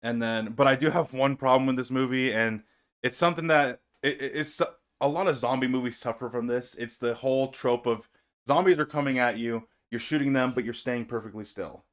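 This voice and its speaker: A man hosting a relaxed movie talk, speaking at a mid pitch. He talks loosely, swears freely and laughs easily. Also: brisk. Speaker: host. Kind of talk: casual movie discussion chat.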